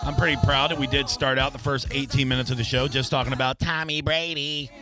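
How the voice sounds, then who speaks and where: A man's voice: mid-range voice, little pitch movement, fast, over music. A man hosting a casual radio talk show, joking and loose, from the American South. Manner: joking, loose, does silly voices. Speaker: radio host.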